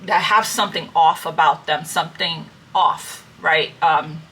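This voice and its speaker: A woman's voice: low-pitched, fairly even intonation, measured pace, sharp tone, slight background noise. A woman reading tarot and giving spiritual advice in a casual, earnest monologue, repeating herself and checking in with her listeners as family. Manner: earnest, repetitive, checks in with "okay?" and "right?". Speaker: tarot reader.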